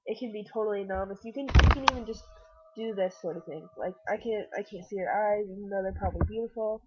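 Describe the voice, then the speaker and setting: A woman's voice: mid-range voice, fast, dark tone, lo-fi sound, slight background noise. A woman who is sick, talking in a rambling, self-deprecating, earnest way straight to the viewer through her computer's webcam. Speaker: vlogger.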